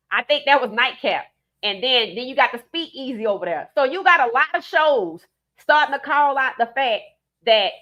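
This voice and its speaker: Emphatic New Orleans woman streamer. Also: a little high. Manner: emphatic, animated, reads out viewer comments. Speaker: live-stream host. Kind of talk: casual live-stream commentary.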